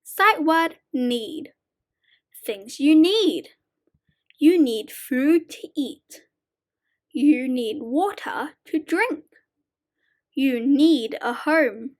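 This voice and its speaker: A woman slowly reading short children's poems aloud as a reading teacher, in a deliberate sing-song way. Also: sits high, expressive.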